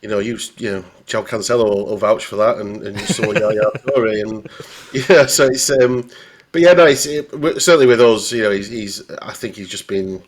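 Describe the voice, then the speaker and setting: A man's voice: on the low side, normal speed. A man with a Northern English accent, a football journalist chatting casually on a podcast, rambling with many restarts. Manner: rambling, full of restarts and "you know".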